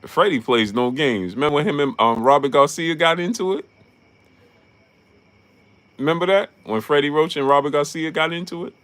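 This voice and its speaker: A man's voice: a little high, normal speed, long pauses, fairly bright tone. A man hosting a casual boxing livestream, greeting chat viewers and laughing often. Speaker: boxing talk show host.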